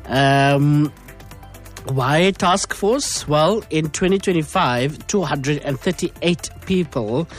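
A man hosting a morning radio talk show, reading news in a brisk, conversational way with frequent fillers. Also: medium pitch.

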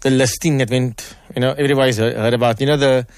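A man's voice: mid-range voice, fairly even intonation, quick pace, clean tone, no echo, studio quality. A man talking as a guest on a radio show, conversational and joking, full of fillers and restarts. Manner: conversational, lots of fillers and repeats, jokey. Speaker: guest on property market. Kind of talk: radio interview. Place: radio studio. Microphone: studio microphone.

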